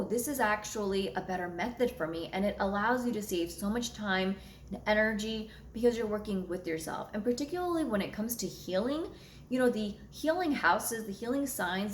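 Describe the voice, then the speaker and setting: A woman's voice: mid-range voice, slight background noise. A woman talking frankly and casually to her viewers, blunt and unafraid to swear, recorded in an echoey room. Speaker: astrology content creator. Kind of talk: candid conversational monologue.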